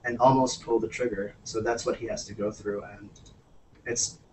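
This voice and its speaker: Man, host, video call, eager questions, halting uhs. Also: on the low side, level tone, a little mellow, distant mic, a little hiss or hum, low-quality recording. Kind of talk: casual video call interview.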